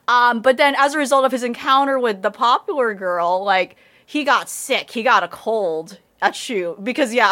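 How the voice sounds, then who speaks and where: A woman's voice: mid-range voice, fairly bright tone. A woman in casual anime review chat, rambling, swearing, and laughing often.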